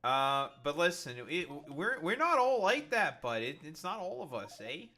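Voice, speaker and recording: A man's voice: fairly high pitch, big pitch swings, moderate pace, sharp tone. A man talking casually on a stream, swearing and often repeating himself as he starts a sentence. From Canada.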